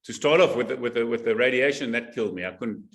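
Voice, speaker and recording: A man guest from South Africa talking in a casual interview, halting and repeating words with emphasis. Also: mid-range voice.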